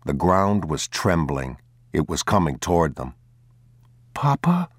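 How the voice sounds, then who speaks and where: A man reading a novel aloud in a grave, measured audiobook narration. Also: a bass voice, no echo, studio quality.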